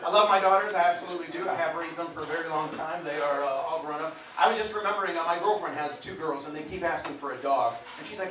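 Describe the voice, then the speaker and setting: A man's voice: fairly high pitch, quick pace, noisy background. A man in his forties doing crude live stand-up in a pub, telling punchy stories. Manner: brash, crude storytelling with punchy one-liners. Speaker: stand-up comedian. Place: pub stage in front of a live audience. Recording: distant echoey pub room with crowd laughter. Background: audience laughter and bar ambience.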